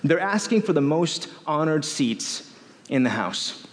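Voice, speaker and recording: A man preaching a sermon as a pastor, in an animated way, often repeating phrases. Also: on the high side, measured pace, long reverb tail.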